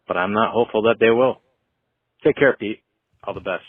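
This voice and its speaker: A man's voice: lowish voice, a little fast, no echo. A man calling in to a sports show who talks bluntly and dryly. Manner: lively, blunt, dry. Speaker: caller. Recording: dry tinny phone line.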